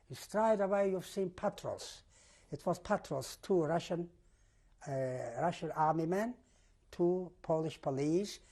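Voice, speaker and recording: An older man giving an oral history testimony in halting, non-native English, often repeating himself as he retells events vividly. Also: high voice, mellow. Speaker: testimony giver.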